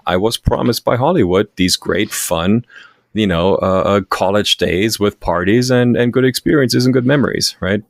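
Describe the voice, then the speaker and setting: A man in his thirties, a guest author telling lively stories in an interview, laughing often and acting out what others said. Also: lowish voice, moderate pace, vocal fry, no echo, clean studio sound. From Germany. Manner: animated storyteller, laughs often, acts out quoted lines. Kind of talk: storytelling interview.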